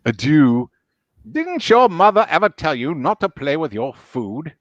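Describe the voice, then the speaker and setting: Man doing a scheming lion villain. Slow silky drawl, low. Dull recording. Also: sing-song, no echo. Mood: sly. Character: scheming, sardonic male lion. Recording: dull dry sound.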